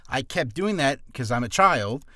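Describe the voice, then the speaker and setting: A man chatting through vocal warm-up tips in a loose, self-deprecating vlog voice. His pitch swings widely from phrase to phrase, and the sound is close and dry with no room behind it. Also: expressive, dry recording. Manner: rambling, self-deprecating, quick-talking. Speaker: aspiring voice actor giving warm-up tips. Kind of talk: casual vlog tutorial. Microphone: camera on a stand.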